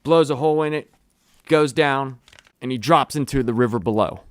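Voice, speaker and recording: A man reviews a comic in a loose, excitable way and breaks into quick acted lines and swearing. His voice is smooth and clear. The recording is dry, close and free of room sound. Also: mid-range voice, no echo. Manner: animated, swears, acts out quotes. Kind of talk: casual review with excited recaps.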